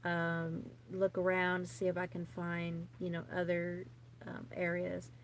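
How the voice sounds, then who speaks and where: A woman's voice: lowish voice, completely flat delivery, slow, slight background noise. A woman in her thirties, a vlogger, rambling chattily and nervously to camera with many fillers and restarts. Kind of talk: casual rambling chat to camera.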